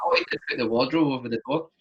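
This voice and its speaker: A man's voice: mid-range voice, fast. A young man from Scotland with a Glaswegian accent, a podcast guest telling travel stories in a rambling, casual way full of "like". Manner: rambling, fills talk with "like". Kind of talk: casual storytelling chat. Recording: dull lo-fi podcast recording.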